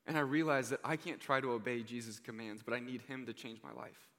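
A young man preaching a sermon, earnest and heartfelt, often dropping to a hushed voice on key points. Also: mid-range voice, fairly quick. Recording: reverberant hall.

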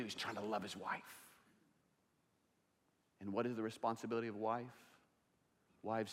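A man preaching a sermon as pastor, swinging between loud passionate stretches and hushed, quiet ones. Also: medium pitch. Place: church sanctuary. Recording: long reverb of a large hall.

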